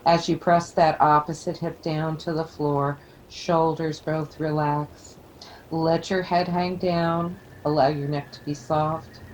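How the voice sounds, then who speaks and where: A woman leading a yoga class, giving calm, soothing cues. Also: deep voice, slow pace, slight background noise, low-quality recording. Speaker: yoga teacher. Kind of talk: guided yoga instruction.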